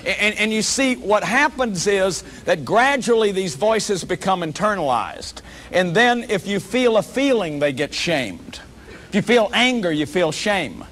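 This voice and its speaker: A man's voice: high voice, lively intonation, measured pace, fairly bright tone, slight background noise. A man giving a public lecture as a workshop leader, earnest and emphatic, often repeating words as he restarts.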